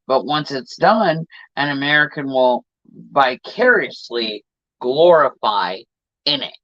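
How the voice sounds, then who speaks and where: A man's voice: mid-range voice, a bit bright, no room sound. Man reading a book aloud, dry lo-fi sound. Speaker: podcast host. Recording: dull lo-fi dry recording.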